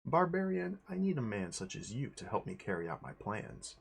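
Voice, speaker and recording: A man's voice: on the low side, big pitch swings, moderate pace, vocal fry, slightly rough, full character voice. A man voicing a proud, mysterious young noblewoman sorceress in a thin, raised voice. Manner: thin hesitant voice.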